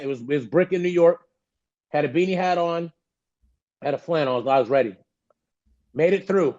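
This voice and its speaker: A man's voice: a little high, darkish tone, lo-fi sound. A man, a guest on a podcast, telling a story with animation and acting out the voices of the people he quotes. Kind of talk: storytelling in an interview.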